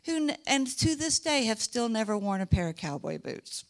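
A middle-aged woman from Texas, teaching a Bible lesson in an animated, chatty way and teasing her listeners. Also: on the high side, moderate pace. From Dallas, Texas. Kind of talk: sermon.

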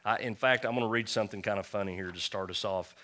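A male pastor preaches in a church in a conversational way, calling out to the congregation for responses. His voice sits a little low but sounds bright and forceful. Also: fast. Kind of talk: sermon.

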